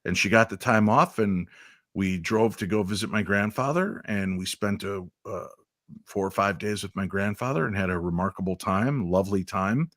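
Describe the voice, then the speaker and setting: A middle-aged man, a radio guest, recounting a personal story in a measured, reflective way, with hesitant fillers. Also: fairly low pitch, a bit bright, no room sound, clean studio sound.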